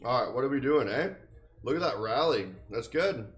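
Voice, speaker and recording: A man's voice: medium pitch, expressive, moderate pace, breathy edge. A man talking casually and bluntly while he trades live, rambling through his points and swearing now and then. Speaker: day trader streamer. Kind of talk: casual trading talk.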